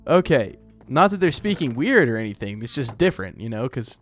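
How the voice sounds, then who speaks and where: A man's voice: medium pitch, very animated, fairly quick, faint music behind. A young man from Oklahoma with an Oklahoman accent, hosting a casual gameplay let's play in a chatty, self-deprecating, rambling way. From Oklahoma, United States.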